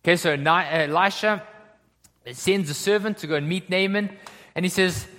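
High-voiced man preaching in a hall. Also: normal speed, fairly bright tone. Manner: conversational, checks in with "okay?" and "right?". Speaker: pastor. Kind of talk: sermon. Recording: long hall reverb.

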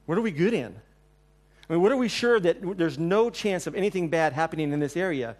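A male preacher delivers a sermon in church, with a voice pitched a little above the usual. He is a lively storyteller who acts out the lines he quotes. His loudness rises and falls between forceful and hushed. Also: a little fast. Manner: animated storyteller, acting out quotes, swings between loud and soft.

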